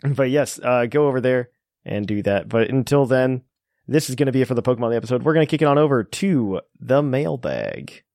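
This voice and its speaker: A man hosting a podcast in casual chat, relaxed and rambling with plenty of fillers. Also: medium pitch, fairly quick, gravelly, dry recording, clean studio sound. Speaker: podcast host.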